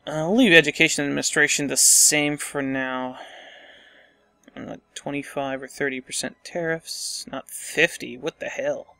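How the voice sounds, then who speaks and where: A man's voice: fairly high pitch, steady tone, moderate pace, creaky, bright, forceful tone, no room sound. A man casually commenting on a strategy game as he plays, thinking aloud and muttering asides to himself. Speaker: let's play host.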